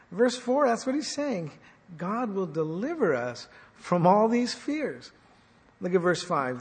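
A man's voice: fairly high pitch, slightly rough. Man preaching in an echoey hall. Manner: dynamic preaching, swings loud and soft, rhetorical questions. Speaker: pastor. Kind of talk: sermon.

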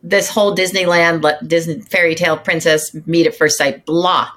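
A woman guesting as a relationship coach, sharing advice in an upbeat, quick conversational way. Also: fairly low pitch, steady tone, a bit bright. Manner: upbeat and advice-giving, speeds up when making a point. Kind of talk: casual conversational interview.

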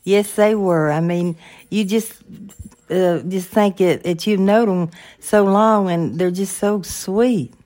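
An older woman co-hosting a faith-based podcast, talking in a warm, folksy and agreeable way. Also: mid-range voice, takes it slowly. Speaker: podcast co-host, the host's mother.

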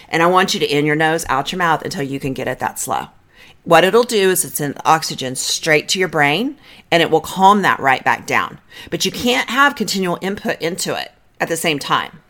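A woman's voice: low voice, sing-song, normal speed, fairly bright tone. A middle-aged woman, a marriage therapist, giving direct, coaching advice on a podcast and talking listeners through breathing counts.

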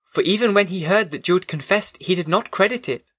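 A man voicing a loving, distraught young woman in an audiobook, speaking with impassioned, raised pitch. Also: brisk, a bit bright, dry recording, clean studio sound.

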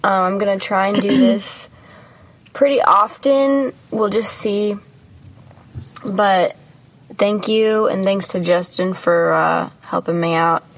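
A woman's voice: medium pitch, slow pace, low-quality recording. A young woman hosting a casual chat podcast, giggly and playful, often unsure of herself. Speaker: podcast host.

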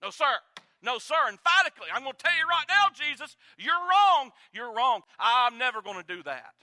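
Bold, boastful male disciple, high, sharp voice, dry sound , put on by a preacher. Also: sing-song, normal speed, no room sound, exaggerated voice. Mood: indignant. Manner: brash, emphatic, rising to shouts. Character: boastful cocky male disciple, loud and sure.

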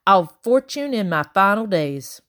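A woman voicing a shrill, dramatic old grandmother who wails her lines. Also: animated, measured pace. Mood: wailing dramatic. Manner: shrill, wailing.

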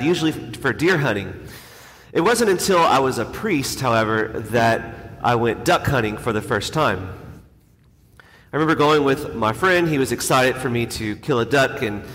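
A man's voice: mid-range voice, fairly bright tone, slight background noise. A man, a priest, telling a self-deprecating story in a casual, conversational homily. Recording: long hall reverb, faint ambience.

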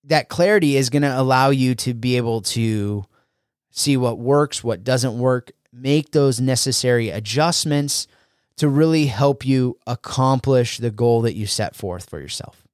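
A man's voice: mid-range voice, measured pace, a little mellow, clear, resonant tone, no echo. Male podcast host, earnest motivational talker, mid-range voice, dry recording. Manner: earnest, with frequent fillers and restarts. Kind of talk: motivational solo talk.

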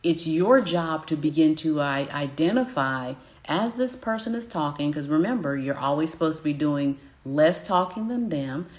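Southern woman, business coach, low voice, emphatic live-teaching delivery. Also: expressive, moderate pace, hardly any pauses. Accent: Southern American. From Southern United States. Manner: emphatic, addresses audience directly with repeated check-ins.

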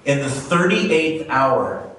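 Pastor preaching in an echoey hall. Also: male voice, mid-range voice, big pitch swings, slow pace, a bit bright, slight background noise. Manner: conversational, earnest, fillers. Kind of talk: sermon storytelling. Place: church hall. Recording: very echoey room, mic far off.

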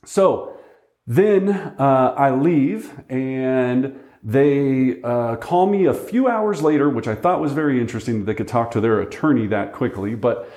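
A man's voice: medium pitch, animated, measured pace, a little mellow. A man working as a real estate agent tells a story to teach a lesson, chatting casually and often checking in with "right?". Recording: roomy echo.

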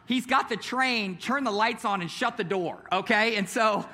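A young male pastor with a high, bright voice, preaching at a church service. He talks casually and conversationally, full of fillers and little chuckles as he tells a story. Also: normal speed. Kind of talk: sermon with prayer and personal story.

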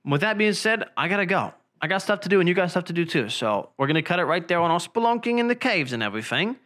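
A young man talking through a casual solo podcast, with a voice a touch higher than most men. He rambles and jokes, restarts often, and lets his phrases sink low at the ends. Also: very animated, fast talker, hardly any pauses, a bit bright. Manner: rambling, jokey, trails off low. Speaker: podcast host.

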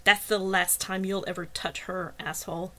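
A woman voicing a strong, protective working man, tender yet fierce, in a low gruff tone in an audiobook. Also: slow pace, a bit bright. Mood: menacing.

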